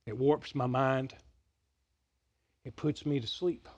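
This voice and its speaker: A middle-aged man preaching a sermon, telling stories with big swings from loud excitement to hushed quiet. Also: medium pitch, slow pace. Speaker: pastor.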